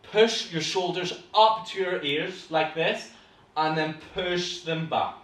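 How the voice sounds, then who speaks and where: A young man with a Northern Irish accent, leading an energetic online acting class and cheering students on through warm-ups. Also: on the high side, takes it slowly. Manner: lively, encouraging, coaching warm-ups aloud. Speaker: acting teacher. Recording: roomy echo, from a distance.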